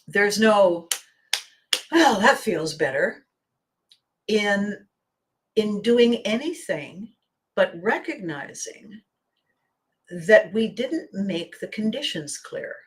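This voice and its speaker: A woman's voice: mid-range voice, expressive, slow pace. A middle-aged woman hosting a podcast, telling a story animatedly and laughing often. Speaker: podcast host. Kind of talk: storytelling monologue.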